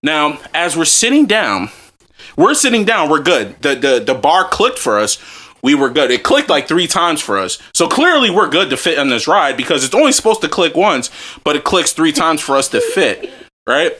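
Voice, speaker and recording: A young man hosting a podcast, telling a story in casual chat, animated and profane, often breaking into laughs. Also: fairly high pitch, normal speed. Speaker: podcast host.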